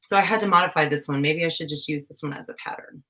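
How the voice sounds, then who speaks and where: A woman's voice: low-pitched, quick pace, bright, forceful tone. A young woman chatting casually through a live craft stream, scatterbrained and self-deprecating, laughing often at herself. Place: home craft room.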